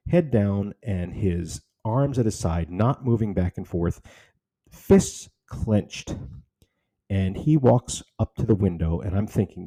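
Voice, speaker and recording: A man's voice: low-pitched, warm tone, slightly rough, no room sound. A man telling a personal story about his charity's beginnings, in an earnest, conversational, emotional way.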